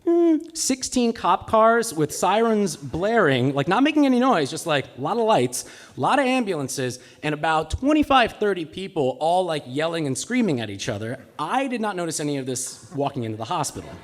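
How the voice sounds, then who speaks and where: A man's voice: a little high, big pitch swings, normal speed. A man telling a personal story live on stage, with a comic, self-mocking delivery. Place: live stage in a cultural center.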